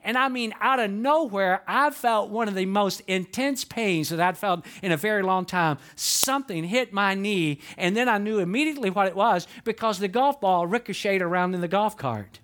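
A middle-aged male pastor preaching a sermon, telling a story with animated outbursts and dropping to hushed, earnest tones. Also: high-pitched, normal speed, hardly any pauses.

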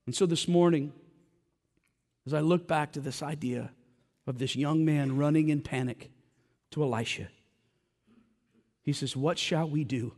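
A man's voice: on the high side, a little slow, pauses often, darkish tone, long reverb tail. A man preaching a sermon in a church, impassioned and direct, with a joking aside now and then. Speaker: pastor. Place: church sanctuary.

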